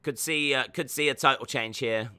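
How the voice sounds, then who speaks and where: A man hosting a live reaction stream, talking in a loose, rambling way. His voice is very bright and forceful, with a sharp, ringing edge. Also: medium pitch, normal speed, clean tone, no echo. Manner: rambling, animated, acts out scenes. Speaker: host.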